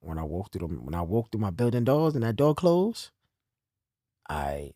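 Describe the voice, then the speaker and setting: A young man from New talks in a casual chat. He tells his stories in a lively, up-and-down voice, dropping low and quiet, then rising loud. The sound is close and dry. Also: normal speed, no room sound. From New York. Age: young adult. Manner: animated storytelling, swings from low and quiet to loud. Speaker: podcast guest telling his story. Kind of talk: casual conversation.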